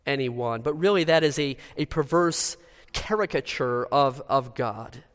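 A man's voice: on the high side, fairly bright tone. A man preaching a sermon as pastor, emphatic and building to pressing rhetorical questions before his congregation. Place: church sanctuary. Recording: long reverb of a church hall.

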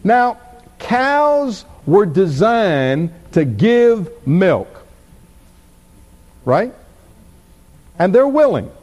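With a high voice, a man preaches a sermon, teaching in an unhurried, expressive style. He poses rhetorical questions to his listeners.

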